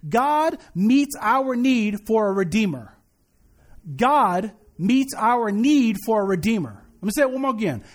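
Lively high-voiced man preaching. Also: a little slow. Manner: animated, joking storyteller with repeated stress. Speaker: pastor. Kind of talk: sermon.

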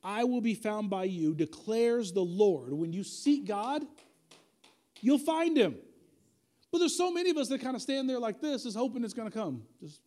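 A male pastor preaches with a high voice that swings widely in pitch, rising for emphasis and dropping low for quiet asides. His tone is mellow and warm. He talks conversationally and repeats key lines to drive them home. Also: expressive, moderate pace. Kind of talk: sermon.

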